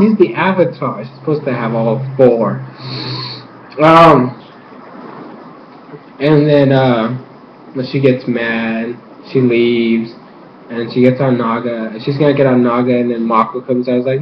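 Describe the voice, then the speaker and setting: A man giving a rambling, gushing recap of a cartoon episode, excitable and casual. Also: mid-range voice, measured pace. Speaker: fan reviewer. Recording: roomy, dull lo-fi home recording with faint noise.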